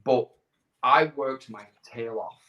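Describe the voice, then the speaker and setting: Man telling animated stories, echoey room. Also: mid-range voice, slow pace, lo-fi sound. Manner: animated anecdotes with quoted dialogue, repeats words. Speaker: guest. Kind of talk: casual storytelling interview.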